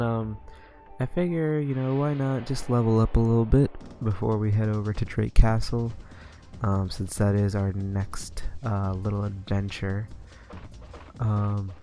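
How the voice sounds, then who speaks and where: A man's voice: fairly low pitch, steady tone, normal speed, mellow, soft background music. Rambling young man narrating gameplay. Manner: rambling, many fillers. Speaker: let's play gamer. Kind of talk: casual game commentary.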